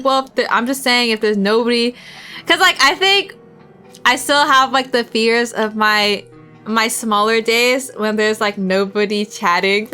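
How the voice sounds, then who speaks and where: Young woman, streamer, rambling casual chat, giggly, crisp bright tone, faint music behind. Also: a little high, unhurried. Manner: rambling, giggly, talks while eating.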